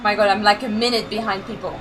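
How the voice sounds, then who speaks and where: A woman's voice: medium pitch, steady tone, quick pace, rough recording. A young woman streaming a rally game, chatting casually, criticizing her own driving and crying out at her mistakes. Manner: self-critical, exclaims loudly at mistakes. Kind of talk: casual gaming commentary.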